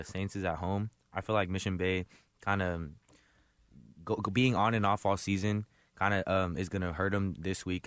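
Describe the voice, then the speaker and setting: A man's voice: low voice, clear, resonant tone, no room sound. A man giving his picks on a sports radio panel, laid-back and loose in his phrasing.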